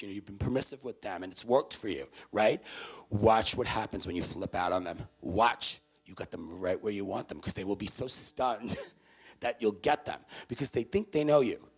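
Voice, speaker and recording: A man giving an animated storytelling talk to parents at a university event, swinging between loud bursts and hushed moments. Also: fairly low pitch, husky. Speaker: speaker addressing parents. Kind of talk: storytelling motivational speech.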